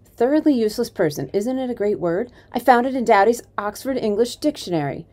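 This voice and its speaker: A loud, eager young girl with a high, theatrical voice, as a woman reading aloud puts her on. She is bossy and dramatic, pushing every line with gusto in a storybook telling. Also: animated, a little fast, natural voice.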